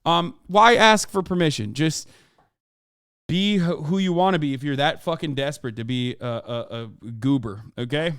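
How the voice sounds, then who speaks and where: A man's voice: fairly high pitch, normal speed, fairly bright tone, clear, resonant tone, dry recording, studio quality. A man in his thirties streaming from home, giving casual opinionated commentary that is profane, emphatic and rambling with fillers. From United States. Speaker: streamer reacting to clips.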